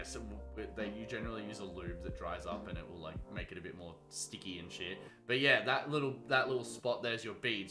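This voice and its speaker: A young man chatting casually on a gaming livestream. He rambles, swears freely and reads chat aloud. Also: medium pitch. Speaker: gaming streamer. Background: background music.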